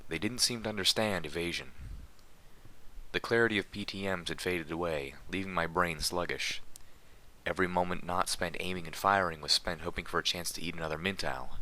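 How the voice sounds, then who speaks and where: Deep, bright-toned male reader. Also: brisk. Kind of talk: reading fan fiction aloud.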